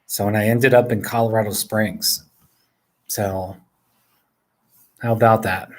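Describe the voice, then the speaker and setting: A man's voice: on the low side, steady tone, unhurried, a little hiss or hum. A man in his forties from northern New Jersey, chatting casually and rambling with viewers, chuckling often as he answers their questions. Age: 40s. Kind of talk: casual live chat. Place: indoors at home.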